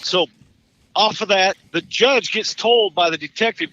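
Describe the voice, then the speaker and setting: A man in his fifties, a caller on a live talk show, telling a profane, animated story with stumbling restarts and laughs. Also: high-pitched, measured pace, lo-fi sound.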